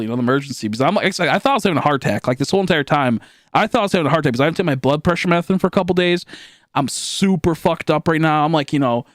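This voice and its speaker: A young man streaming live, telling a long story in a rambling, animated way with lots of fillers and swearing, acting out his own shouts. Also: fairly high pitch, no echo, studio quality. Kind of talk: casual storytelling to a live chat.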